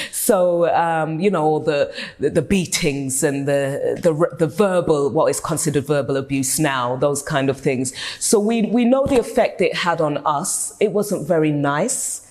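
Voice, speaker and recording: A woman's voice: low voice, measured pace, darkish tone. A woman, a therapist being interviewed, speaking in a thoughtful and earnest way with frequent restarts. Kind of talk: reflective interview talk.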